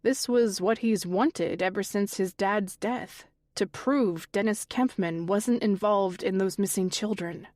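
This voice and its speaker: A woman narrating a thriller audiobook in the first person, with a measured, even delivery. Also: mid-range voice, no echo, clean studio sound.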